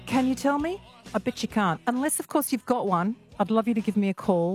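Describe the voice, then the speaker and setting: A woman's voice: mid-range voice, fairly quick, a little mellow, soft background music. A woman hosting a radio phone-in, chatty and teasing with her listeners. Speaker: radio talkback host.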